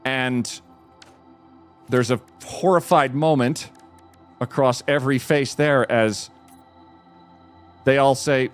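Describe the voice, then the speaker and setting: A man streaming from home, retelling a film with excitement, restarting sentences and leaping up in pitch at the dramatic moments. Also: takes it slowly, pauses often, faint music behind. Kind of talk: animated storytelling while gaming.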